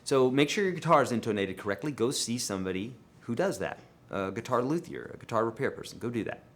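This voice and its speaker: A man hosting a live guitar Q&A, answering viewer questions in a casual, emphatic way. He swings his loudness and pitch a lot and talks to viewers as friends. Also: animated, quick pace, slight background noise.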